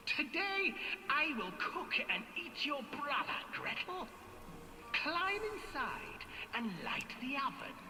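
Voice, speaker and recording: Old witch voiced by a man, high and theatrical, slow and swooping. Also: sing-song, full character voice. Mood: menacing. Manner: high, sing-song, theatrical. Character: cackling old female witch, cruel and greedy. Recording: long reverb with music behind.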